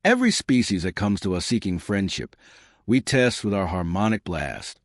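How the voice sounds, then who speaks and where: A man voicing a giant, solemn male crystal alien leader who speaks in a slow, grave, formal way. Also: animated, no echo, clean studio sound, natural voice. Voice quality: deep hushed voice. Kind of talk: audiobook narration.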